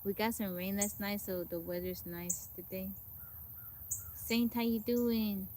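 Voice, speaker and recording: A woman's voice: mid-range voice, steady tone, unhurried, a little mellow, a little hiss or hum. Chatty woman streaming from the forest. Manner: chatty, greets viewers and reads out their comments. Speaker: livestream host. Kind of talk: casual live-stream chat. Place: outdoors in a forest.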